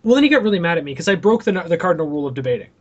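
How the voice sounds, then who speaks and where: Young male podcast co-host, high-pitched, launches into animated, profanity-laced rants about gadgets and fans. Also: racing, muffled recording. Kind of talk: casual podcast chat.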